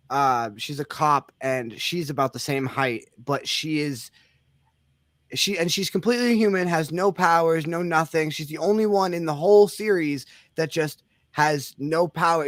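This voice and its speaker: A man's voice: fairly high pitch, fairly bright tone, no echo. A young man hosting a casual chat, rambling with lots of restarts and casual swearing. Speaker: host.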